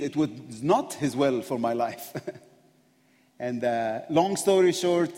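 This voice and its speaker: Guest preacher guy, kinda high voice, emotional and passionate, keeps laughing between lines, big echoey church hall. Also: a little mellow. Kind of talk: sermon. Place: church sanctuary. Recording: long reverb of a large hall.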